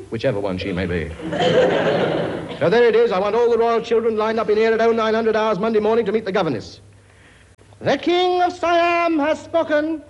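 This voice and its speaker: A man's voice: high voice, highs cut off, a little hiss or hum. A man playing a brash, bossy working-class king in a radio comedy sketch. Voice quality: blunt, bossy, cheeky. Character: brash working-class king bossing his many children.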